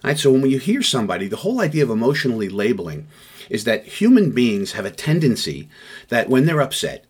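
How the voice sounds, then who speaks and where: Husky-voiced man lecturing on de-escalation. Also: mid-range voice, very animated, fairly quick, a little mellow. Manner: conversational, checks in with "right?"; acts out quoted people with raised voice. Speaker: crisis negotiation instructor. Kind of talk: spoken lecture.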